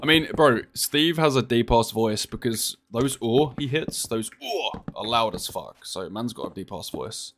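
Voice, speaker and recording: Joking young streamer. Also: male voice, medium pitch, normal speed, few pauses, slight background noise. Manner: joking, swearing, easily excited. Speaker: gaming streamer. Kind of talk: casual chat while playing a game.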